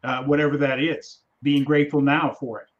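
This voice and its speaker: A man hosting a podcast interview, chatting casually in a halting way with frequent restarts. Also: medium pitch, flat delivery, lo-fi sound. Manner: halting, conversational, with many restarts. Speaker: podcast host.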